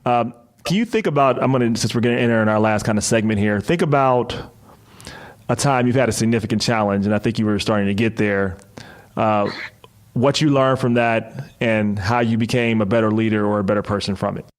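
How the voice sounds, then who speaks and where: A man's voice: fairly low pitch, a little fast. A man hosting an interview who rambles and repeats words as he builds his questions. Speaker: interview host. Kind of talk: conversational interview.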